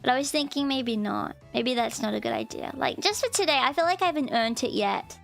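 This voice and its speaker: A VTuber woman talks briskly in a casual live-stream chat, giggling, bubbly, and rambling with lots of "like." Her voice is high-pitched and creaky with a fairly bright tone and lively intonation, and soft music runs in the background.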